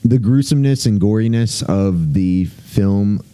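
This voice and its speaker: Deep mellow-voiced podcast co-host man. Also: unhurried, clean tone. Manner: blunt, offhand, swears freely. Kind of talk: casual chat.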